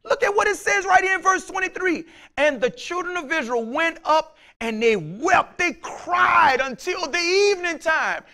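A man preaching a sermon as pastor, casual in speech, acting out his listeners' voices and swinging from quiet talk to shouts. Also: extremely high pitch, lively intonation, moderate pace, hardly any pauses.

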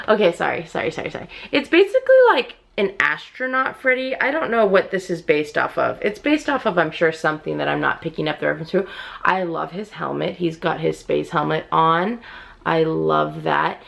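Low gravelly woman chatting through an unboxing. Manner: chatty, talks straight to viewers, bursts into squealing excitement. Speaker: unboxing vlogger. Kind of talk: casual unboxing commentary. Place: at home indoors with others asleep.

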